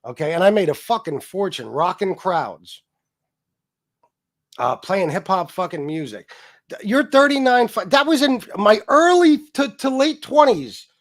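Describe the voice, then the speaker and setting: A man's voice: expressive, measured pace. Profane ranting man in his forties. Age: 40s. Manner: heated, profane, jumping between loud jabs and low mutters. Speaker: livestream host. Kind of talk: profane livestream rant.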